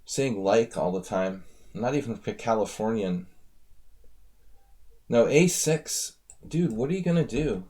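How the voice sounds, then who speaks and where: A man with a lowish, expressive, mellow voice talks at a moderate pace with hardly any pauses. He's coaching chess on a live stream, analyzing viewer games casually while thinking aloud and chatting with his audience.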